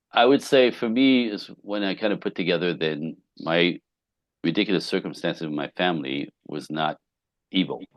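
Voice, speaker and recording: A man who is a relationship coach, telling client stories on a podcast with lively acted-out quotes and casual swearing. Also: low voice, unhurried, no room sound, lo-fi sound. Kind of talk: podcast interview guest.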